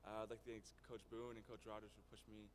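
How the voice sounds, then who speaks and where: A man's voice: fairly low pitch, flat delivery, quick pace, slight background noise. A teenage boy, a student athlete, steadily listing his thanks to coaches and family. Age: teens. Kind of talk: thank-you speech.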